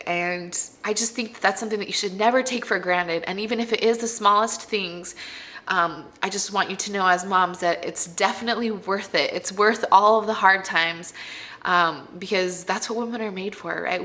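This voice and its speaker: A young woman, pregnant, speaks straight to her camera in a casual vlog, sharing earnest tips with other mothers. Her voice is clear and bright, set in an ordinary middle pitch. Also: normal speed. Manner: earnest and heartfelt, addressing moms directly. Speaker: mommy vlogger.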